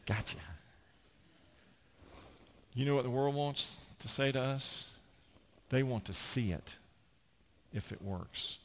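With a lowish voice and some vocal fry, a middle-aged American pastor delivers a story-filled sermon, acting out the people he quotes with animation. Light background noise is present.

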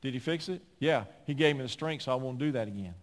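A man preaching a sermon as a pastor, animated and climbing at times to near-shouting. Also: medium pitch, fast. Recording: long hall reverb.

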